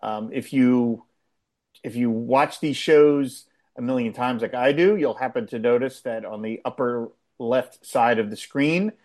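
A man in casual conversation, rambling and animated as he recaps a television episode, with frequent restarts. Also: medium pitch, a little slow. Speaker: podcast co-host. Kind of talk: casual chat.

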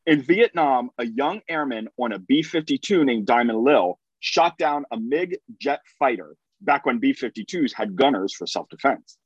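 Animated man, husky voice, dull dry mic. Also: mid-range voice, normal speed, no room sound. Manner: animated, amused asides while reading. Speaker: podcast co-host. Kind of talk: reading listener feedback.

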